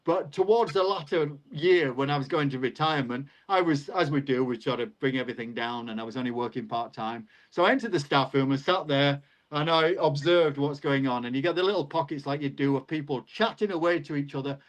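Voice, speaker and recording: Older man, retired teacher, guest on a live call, raised voice, chatty, animated anecdotes. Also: fairly quick, poor audio. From England. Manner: lively storyteller, pitch jumps up when recounting exchanges. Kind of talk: casual anecdotal storytelling.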